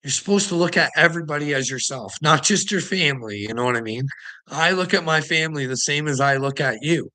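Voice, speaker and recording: A man's voice: fairly high pitch, animated, brisk, bright, forceful tone. A man hosting his own channel, rambling, swearing and laughing often as he mocks the clips he reacts to. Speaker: channel host.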